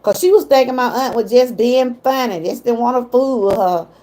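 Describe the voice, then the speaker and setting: Speaking a little fast in a slightly high, dark-toned voice, this Georgia-born livestream host is a middle-aged woman with a Southern accent. She chats easily with her viewers but becomes emotional once her mother comes up.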